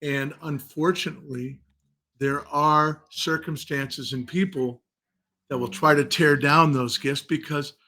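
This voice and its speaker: A man hosting a podcast, speaking in a slow, halting way with many fillers. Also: on the high side, fairly even intonation, pushed and bright. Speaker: podcast host. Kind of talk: interview conversation.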